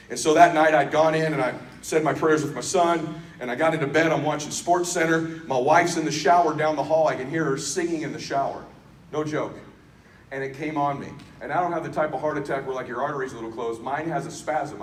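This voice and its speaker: A middle-aged man giving a motivational speech at an event, intense and exhorting, often shouting. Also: on the high side, slight background noise. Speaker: keynote speaker. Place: large event hall. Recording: echoey hall, distant mic.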